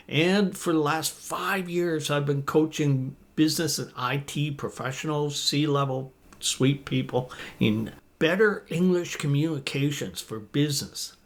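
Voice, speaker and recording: A man in his fifties teaching business English phrases to camera, reading example lines slowly and deliberately in an encouraging tone. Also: on the high side.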